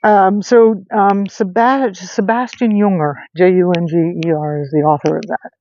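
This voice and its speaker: A woman's voice: medium pitch, normal speed, dark tone, no echo. Rambling woman vlogging outdoors at night. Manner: rambling, chatty, many fillers and restarts. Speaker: host. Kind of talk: casual vlog chat. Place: outdoors at night under a street light. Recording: dull lo-fi sound with faint noise.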